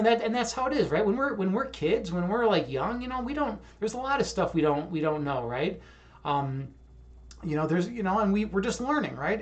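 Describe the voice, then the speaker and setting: A young man hosting a livestream, chatting casually and reading viewer comments, rambling and repeating words, hyped up after a yoga session. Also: a little high. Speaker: livestream host.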